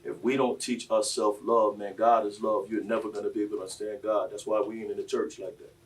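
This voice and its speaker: A man, telling stories on a panel in a preachy, impassioned way that swings between quiet and loud. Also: lowish voice, little pitch movement, fast talker, far from the mic. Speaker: panel speaker.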